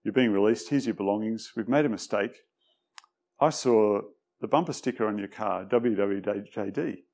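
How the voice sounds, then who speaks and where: A man's voice: on the low side, moderate pace, gravelly, darkish tone. A man voicing a formal male police officer in a sermon anecdote. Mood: apologetic. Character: stern male police officer, deep-voiced.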